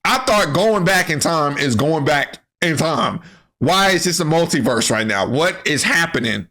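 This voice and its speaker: A man giving a comedic, profane anime recap, animated and full of slang. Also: a little high, a little slow. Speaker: anime commentary creator.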